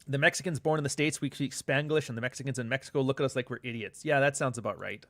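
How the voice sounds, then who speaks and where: In this echo-free recording, a middle-aged man with a medium, somewhat bright voice runs a live show. He goes through viewers' comments and chats with them casually, keeping up profane, joking banter peppered with asides.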